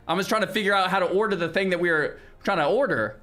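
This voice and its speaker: Animated streamer man. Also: sits high, quick pace, soft background music. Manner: animated, exclaims loudly and rambles with restarts. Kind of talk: casual livestream chat with viewers.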